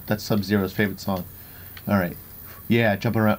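A young man with a fairly low voice narrates his own fighting-game match out loud, jumping between muttered asides and bursts of trash talk. He laughs at his own jokes, and keyboard typing can be heard behind him. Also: steady tone, fairly quick. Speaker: gameplay commentator. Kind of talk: live gameplay commentary.

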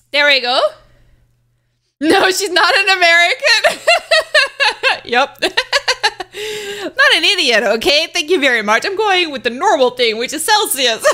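A young woman chats loosely with her live-stream viewers. She is getting over covid and sounds a little congested. Her voice sits high and sounds bright and sharp, and she is quick to giggle. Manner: chatty, giggly, reads chat aloud. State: sick with covid. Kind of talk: casual live-stream chat.

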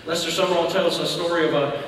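A church elder preaching a sermon, telling a story and acting out shouted lines. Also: male voice, fairly high pitch, flat delivery, a little fast, slight background noise. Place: church sanctuary. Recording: echoey hall from far off.

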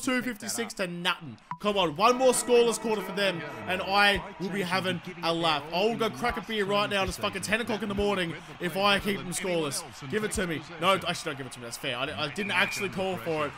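Excitable high-voiced Australian gamer, crowd behind. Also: male voice. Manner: excitable and sweary, swinging between mutters and shouts. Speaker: gaming commentator. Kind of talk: live gameplay commentary. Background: crowd noise from the game.

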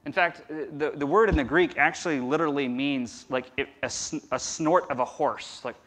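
A man preaching a conversational sermon as pastor, swinging from loud emphasis to a near-whisper. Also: a little high, moderate pace. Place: church.

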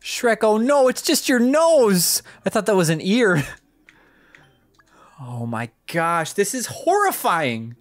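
A woman giving casual gameplay commentary as a video game presenter, reacting aloud in an excitable way and laughing often. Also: mid-range voice, takes it slowly, dry recording.

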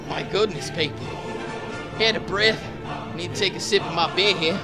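A man hosting a gameplay clip countdown over a headset mic, giving hyped commentary and shouting at each kill. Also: high-pitched, normal speed, gravelly. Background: music.

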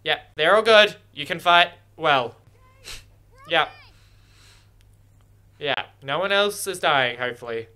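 Male reaction host, excitable, curses a lot, high-ish voice, talks to the screen. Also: takes it slowly, long pauses, clean tone. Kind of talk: casual first-watch reaction commentary.

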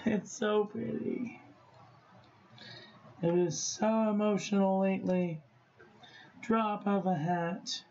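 A man vlogging about stationery, talking to himself in an expressive, profane way as he tests inks. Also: high voice, takes it slowly, pauses often, lo-fi sound, slight background noise. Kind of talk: casual unboxing vlog.

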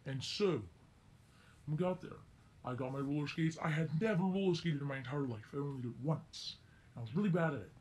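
In a casual story-time vlog, a teenage boy rambles through a tale, circling back and correcting himself as he goes. His voice sits on the high side, a little mellow, and he talks fairly quickly.

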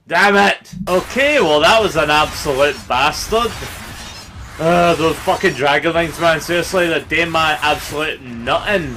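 A young Scottish man commentating his gameplay live, excitable and sweary, often bursting into yelling. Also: on the high side, a little slow. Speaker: gaming YouTuber. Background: game music.

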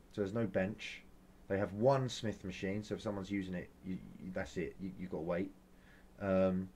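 A man's voice: sits low, mellow, slight background noise. A young man chatting casually in a vlog, rambling and grumbling, with lots of fillers, restarts and mild swearing. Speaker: vlogger.

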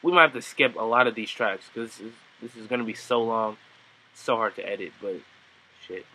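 A man giving a casual, excitable reaction and review of a rap album, slangy and swearing. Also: on the low side, brisk, heavy background noise. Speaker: music reviewer. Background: music playing.

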